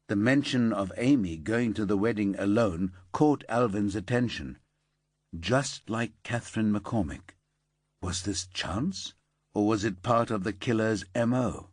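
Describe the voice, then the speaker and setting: Low-voiced male audiobook narrator. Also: unhurried, no room sound, studio quality. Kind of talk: scripted narration.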